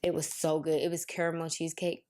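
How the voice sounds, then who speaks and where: A young woman co-hosting a casual podcast, telling slangy, animated stories about her day. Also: low-pitched, fast, slight background noise. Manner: chatty storytelling, slangy, animated quoting. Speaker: podcast co-host. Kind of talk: casual chat.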